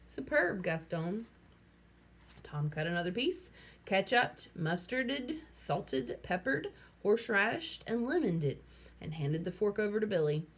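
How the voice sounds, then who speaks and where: Woman, reading a children's novel aloud, lively, wry asides. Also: mid-range voice, a little slow. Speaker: reader.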